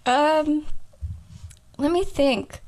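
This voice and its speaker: A woman's voice: high voice, drawn-out words, darkish tone. A young woman co-hosting a comedy podcast, giggly and self-deprecating, chatting casually and trying silly impressions. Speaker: podcast co-host.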